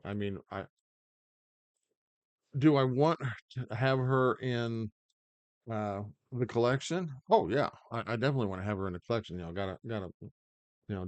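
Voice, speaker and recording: A man's voice: lowish voice, dry recording. A man hosting his own gaming channel, rambling through mobile game commentary with lots of fillers and restarts. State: hiccups.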